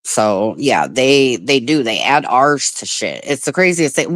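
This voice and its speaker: A woman's voice: very deep voice, sing-song, a little slow, few pauses, no room sound. A woman hosting a casual chat, talking bluntly and swearing casually. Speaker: host.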